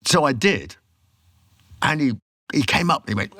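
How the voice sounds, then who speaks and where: A man, telling stories as a podcast guest in an animated, casual way. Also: fairly high pitch, moderate pace, pauses often, no echo, clean studio sound. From England. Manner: animated storyteller, acts out quotes. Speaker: podcast guest, rock singer. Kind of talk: casual storytelling.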